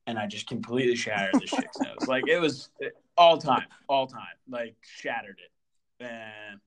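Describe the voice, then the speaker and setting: A young man co-hosting a podcast, telling a story in casual chat, animated and full of fillers and stutters. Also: medium pitch, a little slow. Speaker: podcast co-host.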